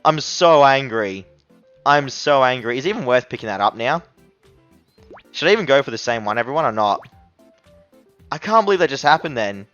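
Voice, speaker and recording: A young man giving casual commentary to his viewers while reviewing a phone app, excitable and blurting out loud reactions, calling his audience everyone and bro. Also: mid-range voice, fast, pauses often, muffled recording, soft background music. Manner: excitable, yelps at near misses, addresses viewers as everyone and bro.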